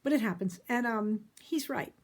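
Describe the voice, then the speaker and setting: A middle-aged woman therapist giving a casual, folksy talk about relationships, emphatic and quick to laugh. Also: on the high side.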